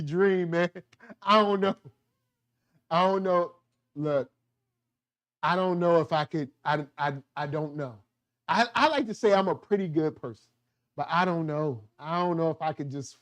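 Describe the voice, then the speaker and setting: Slangy man riffing on a TV show. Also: high voice. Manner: slangy, animated, acts out quotes in voices. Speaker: show host. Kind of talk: casual TV review chat.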